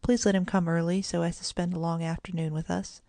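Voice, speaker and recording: A sensible, kindly mother of two children speaks in a grave, gentle manner in a storybook reading, voiced by a woman. The voice is low with a gravelly edge of vocal fry. The recording is close and dry, with no room sound. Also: flat delivery, fairly quick, no room sound.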